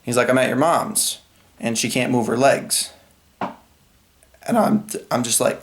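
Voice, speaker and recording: A man's voice: mid-range voice, moderate pace. Young man vlogging, telling a story. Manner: rambling, retelling a phone call and quoting others. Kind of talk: casual vlog storytelling.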